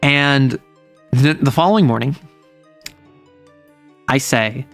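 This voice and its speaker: A man's voice: medium pitch, takes it slowly, gravelly, a bit bright, faint music behind. A man streaming from home, casually retelling his tabletop game session in a rambling way full of fillers and self-corrections.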